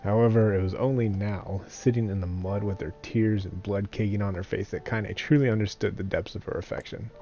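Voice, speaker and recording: A man's voice: lowish voice, steady tone, brisk, few pauses, warm tone. Man reading a story aloud on stream. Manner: plain narration broken by laughing, joking comments. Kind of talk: live reading with casual asides.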